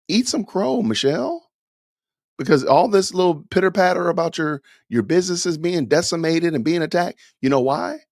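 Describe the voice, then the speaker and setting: A man's voice: on the high side, animated, normal speed, vocal fry, darkish tone, no echo. Guy on his podcast, preachy and emphatic, repeats himself, dry close sound. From Atlanta, USA. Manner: emphatic, lecturing, repetitive. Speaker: podcast host. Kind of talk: opinionated podcast commentary.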